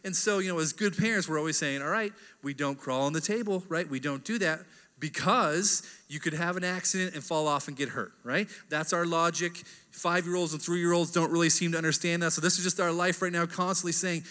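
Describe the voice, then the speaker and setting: Pastor, 30s, male. Talks casually and keeps checking in with "right?". A bright, somewhat higher voice carrying through a reverberant church hall. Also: steady tone, a little fast. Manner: chatty, keeps asking "right?". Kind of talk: casual conversational sermon.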